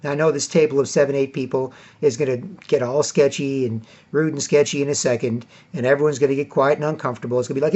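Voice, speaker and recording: A man's voice: mid-range voice, steady tone, fast talker, hardly any pauses, a little mellow. A man telling a long casual story in a rambling way, tagging his sentences with "right?" and "whatever". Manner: acts out other people in a raised, mocking voice. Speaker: vlogger. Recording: dull lo-fi recording.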